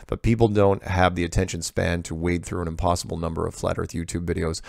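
A man's voice: low-pitched, flat delivery, quick pace, vocal fry, darkish tone, dry recording, clean studio sound. A man hosting a show, reading viewer emails aloud and answering them in a casual, digressive way, often breaking off to comment.

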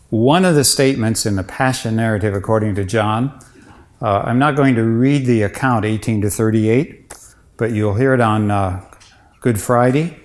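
An older man, a retired bishop, giving an informal lecture on scripture in a measured way, pausing often with "uh" and restarting his sentences. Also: mid-range voice. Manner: measured, with many "uh" pauses and restarts.

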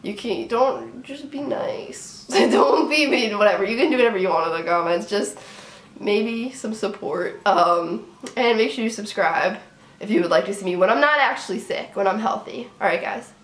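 A young woman with a sinus infection ranting casually to camera as a sports vlogger, animated and exasperated, often asking "right?". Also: mid-range voice, roomy sound. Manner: animated, exasperated, talks in quick bursts with many "right?"s. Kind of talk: casual fan rant to camera.

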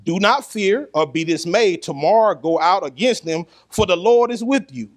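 A man preaching a sermon, animated and lively, laughing and calling the congregation to answer back. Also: sits high, normal speed.

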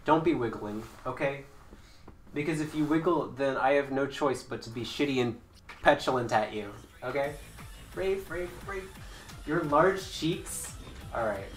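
A woman streaming a game with casual commentary, excitable and swearing, breaking into mock-angry yelling. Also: rumbling low, normal speed. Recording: roomy with faint background music.

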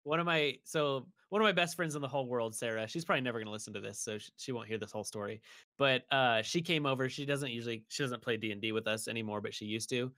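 Brief: young male podcaster, bright forceful tone, dry close mic, rambling storyteller. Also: medium pitch, quick pace, no room sound. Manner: rambling, animated storytelling with shouted impressions. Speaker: podcast co-host. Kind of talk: casual chat.

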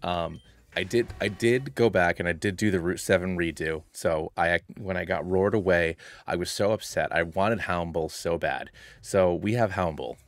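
A man's voice: deep voice, moderate pace, no room sound. A man streaming a video game, chatting playfully and greeting his chat by name. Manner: hushed and quiet at first.

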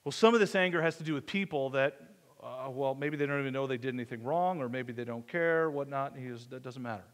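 A man's voice: medium pitch, fast talker. A male pastor telling a personal story in a conversational sermon, joking at his own expense and acting out the dialogue. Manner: conversational, self-deprecating humor, acts out dialogue. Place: church sanctuary. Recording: long reverb of a church hall.

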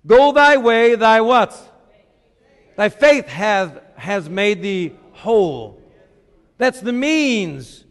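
A middle-aged man preaching a sermon as a pastor, asking rhetorical questions and shifting between hushed and loud passages. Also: sits high, big-room sound.

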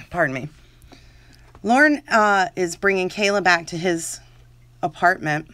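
A woman's voice: lowish voice, vocal fry, bright, forceful tone. A woman who hosts a channel, chatting casually to her viewers in a rambling way and laughing often. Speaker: channel host.

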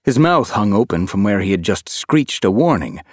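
Expressive male narrator for a fantasy audiobook, low voice, dry studio sound. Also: normal speed, dry recording. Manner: expressive, shifting voices for characters. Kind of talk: scripted narration.

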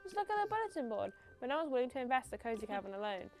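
A woman's voice: fairly high pitch, sing-song, very fast, faint music behind. Despairing game town official, worn down, read by a streamer woman. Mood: gloomy.

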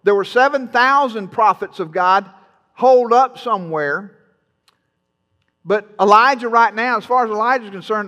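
A pastor preaches a sermon at a moderate pace in a high, ringing voice, bright and forceful, folksy and playful as he teases listeners between points. The lo-fi sound trails off into the long reverb of a big sanctuary.

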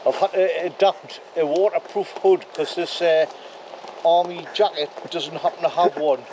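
A man's voice: fairly high pitch, steady tone, normal speed, lo-fi sound, noisy background. A man bantering drily at a rainy wild camp. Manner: wisecracking, dry banter. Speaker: camping companion. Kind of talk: casual chat. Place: outdoors at a wild camp in heavy rain. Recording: outdoor camera audio with loud rain.

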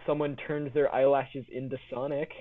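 A man's voice: mid-range voice, flat delivery, normal speed. A man co-hosting a podcast in goofy, rambling casual chat, restarting his sentences. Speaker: podcast co-host. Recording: tinny phone-like sound.

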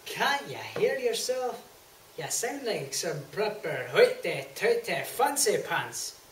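Woman as slow-talking, bossy Scottish sister, put-on accent, echoey hall from far off. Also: mid-range voice, very animated, slight background noise. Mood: taunting. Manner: taunting and scolding.

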